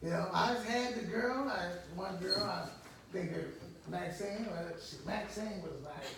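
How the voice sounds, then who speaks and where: A man's voice: sits high, unhurried, creaky. A man in his fifties, a counselor, giving a rambling, vivid personal testimony in a counseling group. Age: 50s. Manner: rambling, repetitive, vivid storytelling. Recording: echoey room from far off, faint noise.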